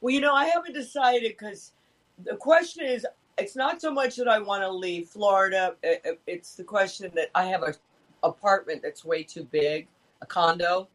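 A woman's voice: medium pitch, normal speed, poor audio. A woman in her fifties chatting in a rambling way over a video call. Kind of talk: casual chat.

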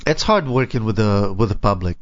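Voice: medium pitch, expressive, fairly quick, dry recording, muffled recording. A host in a casual interview, mostly giving brief replies and asking the occasional question.

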